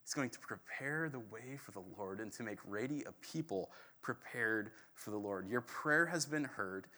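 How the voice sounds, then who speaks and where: A male pastor delivers his sermon in an easygoing, conversational style, animated as he tells the story. His voice is bright and forward. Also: lowish voice, moderate pace.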